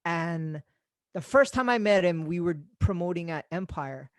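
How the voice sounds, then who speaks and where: Animated man telling stories. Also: fairly high pitch, moderate pace, clean tone, no room sound. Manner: animated, swears freely, laughs while telling stories. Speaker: podcast host. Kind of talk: casual chat, storytelling.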